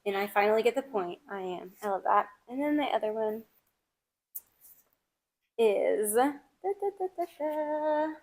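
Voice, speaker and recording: A woman's voice: medium pitch, a little mellow. A woman co-hosting a book club podcast, enthusiastically retelling favorite scenes and reading quotes. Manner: enthusiastic, drawn-out storytelling. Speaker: podcast co-host. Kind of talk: casual book club chat.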